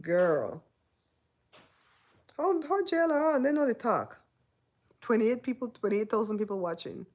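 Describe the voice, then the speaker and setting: A woman from Belize with a Belizean accent chats casually on her livestream, teasing viewers and breaking into laughter often. Her voice sits a little higher than most women's. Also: very animated, a little slow, long pauses, darkish tone. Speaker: host.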